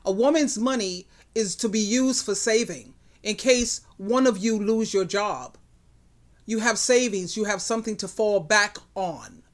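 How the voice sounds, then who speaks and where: A woman's voice: mid-range voice, a little slow. A woman hosting a commentary vlog, giving emphatic, outspoken relationship advice.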